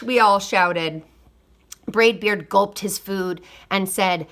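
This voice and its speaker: A woman reading a children's picture book aloud, expressive, with quiet asides. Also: medium pitch, slow. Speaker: storybook reader. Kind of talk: storybook read-aloud.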